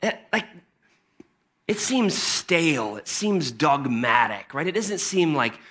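A pastor preaching a sermon in a conversational, emphatic way. He often restarts his phrases and builds into excited bursts. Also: on the high side, slow. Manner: conversational and emphatic, with many repeated starts and a rising, excited delivery.

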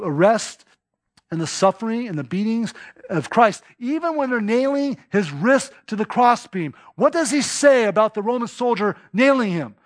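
A man preaching a sermon as pastor, emphatic, piling up rhetorical questions and long lists. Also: very high-pitched.

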